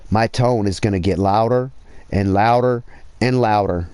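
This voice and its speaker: A man's voice: on the low side, moderate pace, clear, resonant tone. Profane man ranting on a livestream. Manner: profane, rambling, rising to loud emphasis. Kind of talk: casual livestream rant.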